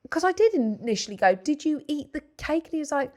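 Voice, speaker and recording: Animated storytelling woman, slightly high voice. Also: fast, crowd noise. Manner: animated storytelling, acts out her son's lines softly. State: pregnant. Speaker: podcast host. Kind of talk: casual chat.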